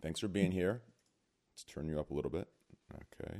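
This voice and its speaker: A man's voice: deep voice, brisk, mellow. A man hosting a podcast, chatting casually with crude jokes as he introduces his guests. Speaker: podcast host.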